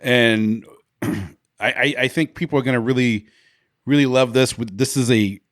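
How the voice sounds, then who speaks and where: Man, podcast co-host, mid pitch, dry close sound, brief agreeing replies. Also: fairly even intonation, normal speed, no room sound. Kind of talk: casual chat.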